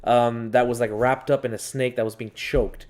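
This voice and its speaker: A gaming channel co-host chats casually over gameplay, rambling through stories, laughing a lot, and swearing freely. His medium-pitched voice is a little mellow, with a moderate pace and little pitch movement.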